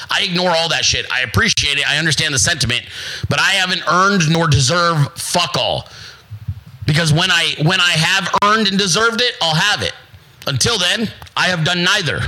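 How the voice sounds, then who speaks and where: On his own show, a US host rants in a brash, profane, emphatic and repetitive motivational monologue, imitating and mocking other people. His voice is a little high, bright and forceful, at normal speed, over a rough recording.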